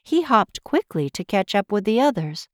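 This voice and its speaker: A woman reading a storybook aloud, expressive and unhurried. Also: mid-range voice, dry recording, studio quality. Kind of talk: storybook read-aloud narration.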